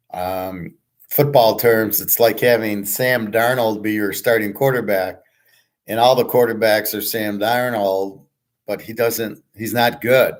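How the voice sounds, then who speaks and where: Blunt, profane man rambling casually. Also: lowish voice. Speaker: host.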